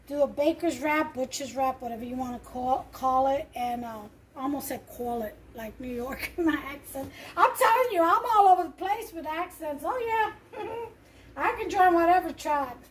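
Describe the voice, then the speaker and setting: A woman's voice: sits high, a little mellow. A woman hosting a home cooking vlog, chatting casually in her kitchen, rambling and laughing often.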